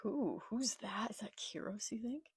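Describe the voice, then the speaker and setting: A young woman reading a manga aloud and reacting live, excitable, with gasps and whispered asides. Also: a little high, a little slow, husky, dry recording, studio quality.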